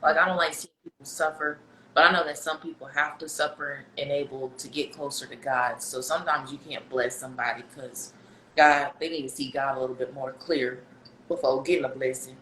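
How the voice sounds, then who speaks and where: A woman's voice: a bass voice, brisk, roomy sound, slight background noise, rough recording. A woman chatting casually about faith on a podcast, acting out her prayers as she tells her stories. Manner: animated storytelling, acts out her prayers.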